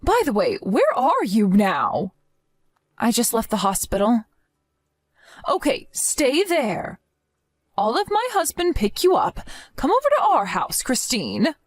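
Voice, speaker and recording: A woman's voice: a little high, huge pitch swings, slow, no room sound. A woman voicing a protective, stern grandmother who demands answers and scolds firmly in a dramatized story. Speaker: narrator and grandmother.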